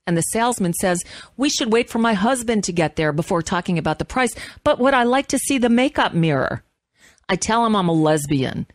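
Low-voiced woman reading with feeling. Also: dry recording, studio quality. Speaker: radio host. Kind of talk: dramatic reading of an essay.

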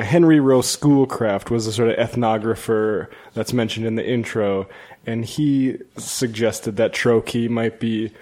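A man's voice: on the low side, a little mellow. A man hosting a podcast, talking in a laid-back, joking way about poetry. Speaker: podcast host. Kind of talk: casual chat.

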